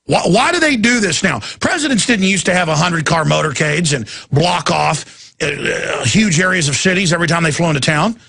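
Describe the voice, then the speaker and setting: A middle-aged talk radio host, ranting hard and now and then breaking into a shout. His voice sits high for a man, with a bright, tense edge. It runs husky, with gravel and fry underneath. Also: animated, normal speed. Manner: ranting, emphatic, sometimes shouting. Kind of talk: impassioned talk radio monologue.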